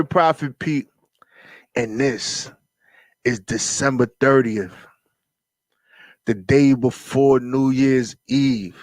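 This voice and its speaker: A laid-back man, hosting a radio talk show and preaching in street slang. His voice sits at an ordinary pitch, recorded close and dry with no room sound. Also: slow, long pauses, no echo.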